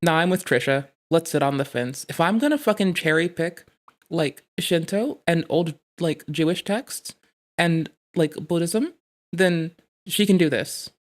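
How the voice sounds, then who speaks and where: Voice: mid-range voice, unhurried. A streamer chatting casually on a live stream, rambling and swearing through comic stories. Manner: rambling, profane, comic storytelling. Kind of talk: casual chat.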